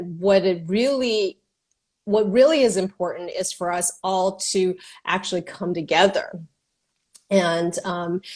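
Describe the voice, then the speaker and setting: Lower-voiced woman host from Texas. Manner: hesitant, lots of fillers and restarts. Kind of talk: casual interview chat.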